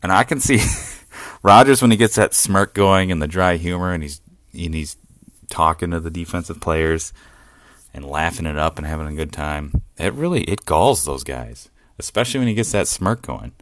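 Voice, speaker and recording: A man hosting a solo sports podcast, talking excitedly and profanely and laughing often as he rants. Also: low voice, moderate pace. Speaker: podcast host.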